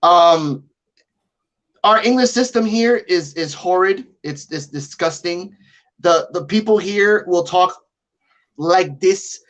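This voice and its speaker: A man's voice: high voice, fairly bright tone. A man from Puerto Rico, co-hosting a podcast remotely, ranting with profanity in casual chat. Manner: profane, ranting, rapid-fire. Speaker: podcast co-host.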